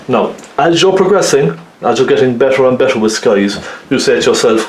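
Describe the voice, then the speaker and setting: A man's voice: medium pitch, fairly quick, hardly any pauses, a little hiss or hum. A man giving a chatty, step-by-step oil painting lesson, often checking in with tag questions. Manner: chatty, lots of tag questions like okay and isn't it. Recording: roomy echo.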